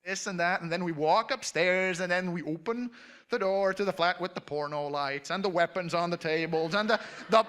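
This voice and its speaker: A man on stage at a convention auditorium, telling a comic anecdote to an audience with animated storytelling, acting out voices and laughing. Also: sits high, normal speed, a little hiss or hum. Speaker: convention panel speaker.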